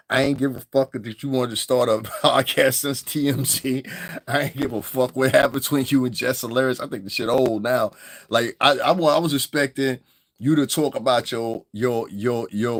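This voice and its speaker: On a livestream, a man with a Northeastern US accent rants freely, cursing, laughing often, and mocking other people's voices. His voice is mid-range, and the recording is studio quality with no room sound.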